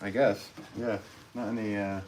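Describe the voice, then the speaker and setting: A man's voice: on the low side, little pitch movement, moderate pace. A man chatting casually on a live stream from his pottery studio, reading viewer comments aloud and answering with easy laughs. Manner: easygoing, reads viewer comments aloud and chats back with soft laughs. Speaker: potter live-streaming while throwing pots. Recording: noisy live-stream audio with clear background hiss.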